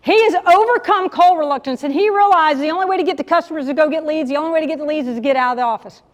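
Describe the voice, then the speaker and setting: A woman with a high voice delivers an animated motivational session, calling out to the audience and pressing them with questions. Her stage mic carries a long echo from the conference hall around her. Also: rapid-fire. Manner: animated, direct, addresses the audience as y'all. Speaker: sales coach speaking at a breakout session. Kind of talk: live motivational keynote talk.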